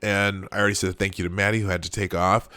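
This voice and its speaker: A man in his forties rambles through a casual livestream, restarting often, laughing at his own jokes, and addressing chat viewers directly. He talks fast in a low, fairly flat voice that sounds pushed and bright, with no echo.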